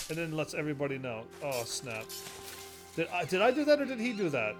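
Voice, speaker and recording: A man casually commentating while he plays a game, rambling and quick to laugh at it, with game music behind him. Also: a little high, expressive. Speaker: gaming video host. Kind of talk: casual let's-play commentary.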